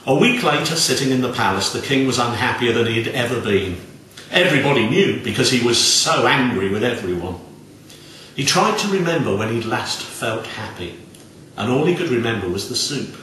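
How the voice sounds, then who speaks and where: A man telling a folk tale in an expressive, dramatic way. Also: mid-range voice, a little fast, a little hiss or hum. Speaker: storyteller. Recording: very echoey room, distant mic.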